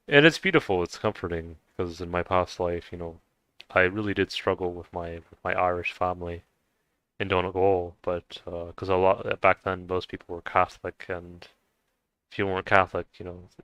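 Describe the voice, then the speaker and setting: A young man from the United States talks through a casual personal monologue in a very low, smooth voice. He stumbles and restarts often, and the close, dry recording keeps him right up front. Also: fairly bright tone, dry recording. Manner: halting, many restarts and fillers. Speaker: vlogger.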